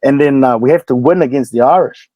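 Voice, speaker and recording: Nz guy telling stories fast n animated, mellow voice, dry close sound. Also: medium pitch, no room sound, rough recording. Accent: New Zealand. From New Zealand. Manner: animated, fast-talking storyteller. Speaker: podcast guest. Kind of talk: casual storytelling.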